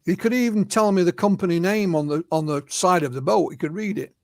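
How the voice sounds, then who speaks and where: This is an Englishman, high in pitch, talking as an interview guest. He retells witness accounts, sprinkling his speech with "you know". The sound is dry and close. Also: brisk, creaky, darkish tone, no room sound. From England. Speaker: guest, UFO researcher and author. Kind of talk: anecdotal storytelling in an interview.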